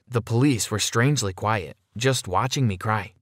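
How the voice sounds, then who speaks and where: Man narrating, first-person story, dramatic delivery, low voice, dry close sound. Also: moderate pace, hardly any pauses, dry recording.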